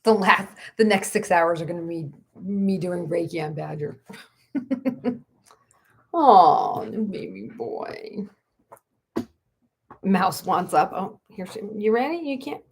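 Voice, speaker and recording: A woman with a low, gravelly and slightly husky voice chats away on a home livestream at night. She keeps breaking off to coo to her dogs in a soft, fond baby talk. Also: lively intonation, slow, pauses often. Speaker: Reiki practitioner. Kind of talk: casual livestream chat.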